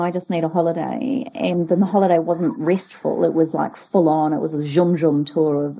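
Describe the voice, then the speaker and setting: A woman in her forties, co-hosting a casual chat and telling stories with lively, acted-out dialogue. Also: fairly low pitch, slightly rough. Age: 40s. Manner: animated storyteller, acts out dialogue. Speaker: podcast co-host.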